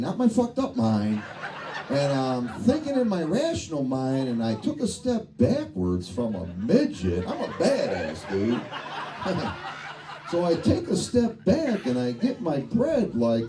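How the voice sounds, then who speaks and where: A middle-aged man doing a stand-up comedy set, swearing freely and laughing at his own jokes, in a tavern showroom. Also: fairly high pitch. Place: tavern showroom before a live crowd. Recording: distant and noisy live bar recording.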